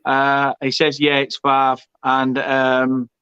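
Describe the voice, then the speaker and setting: A man's voice: medium pitch, monotone, slow pace, sharp tone, clear, resonant tone, dry recording. A man hosting a live football watchalong, reading out viewer comments and cracking jokes, often repeating his words. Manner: chatty, jokey, stumbles and repeats words. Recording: dull lo-fi stream audio.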